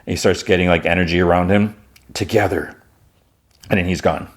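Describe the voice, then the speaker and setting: A man with a somewhat low voice hosts a casual podcast. He recaps in a loose, rambling way, stacking fillers and restarting his sentences as he goes. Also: fairly even intonation, brisk. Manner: rambling retelling, heavy on "like" and restarts. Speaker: podcast host.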